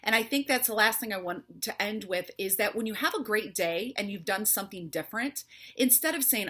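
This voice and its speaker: Husky-voiced woman giving an earnest faith talk. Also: mid-range voice, animated, fairly quick, fairly bright tone. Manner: earnest, encouraging, speaks straight to the listener. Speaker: faith-based health coach. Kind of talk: motivational faith talk to viewers.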